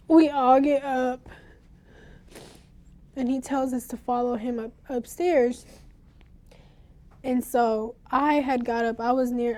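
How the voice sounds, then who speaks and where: A teenage girl in an interview, telling of a traumatic night in a halting, shaken way, with pauses and restarts. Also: a little high, warm tone. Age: teens. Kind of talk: recounting a personal ordeal in an interview.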